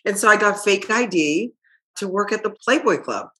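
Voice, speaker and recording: A woman's voice: mid-range voice, expressive, normal speed, a bit bright. A middle-aged woman from Haiti, a podcast guest talking openly and emotionally, laughing often. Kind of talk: candid conversation.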